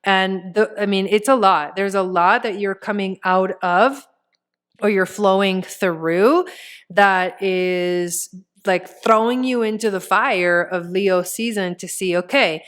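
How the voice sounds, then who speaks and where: A tarot reader and astrologer gives a casual reading, chatting straight to the viewer as "you" and using lots of filler words. Her medium-pitched voice is slow, clear, resonant and a bit bright.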